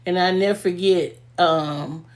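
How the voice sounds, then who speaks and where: A woman's voice: lowish voice, fairly even intonation, measured pace. A young woman, telling heartfelt, emotional stories about a late friend in a casual video, often laughing as she talks. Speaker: vlogger paying tribute to a late friend.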